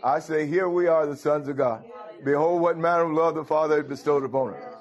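A man's voice: on the high side, steady tone, fairly quick, highs cut off. Man preaching a fervent sermon. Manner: scripture-quoting, call-and-response exclamations.

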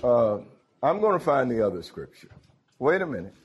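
A man's voice: mid-range voice, very animated, normal speed, breathy edge, highs cut off. A man preaching a sermon, calling out to his congregation. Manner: folksy, calls out to the congregation.

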